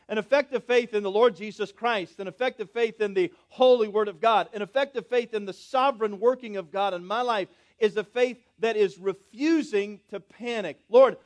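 Preaching a sermon in a notably high voice, a pastor swings from loud, elongated words to quiet, low asides. He constantly puts questions to his congregation and gets them to say lines along with him.

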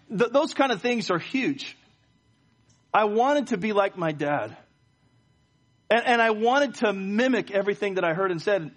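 During a church service, a middle-aged pastor preaches a sermon and leads a prayer, telling stories and often stammering repeated words. His voice sits high and is expressive and slightly bright, at a measured pace with frequent pauses.

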